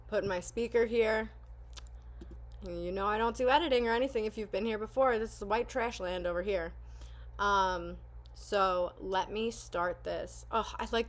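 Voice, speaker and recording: Woman, casual reaction vlogger, candid and rambling, lots of "um"s. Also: medium pitch. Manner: candid and rambling, with frequent fillers. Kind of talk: casual spoken commentary and prayer reading.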